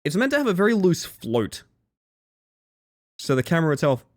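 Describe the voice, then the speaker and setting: Lively, chatty male streamer. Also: fairly high pitch, normal speed. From Western Australia. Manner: chatty, rambling, laughs often. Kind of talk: casual livestream chat.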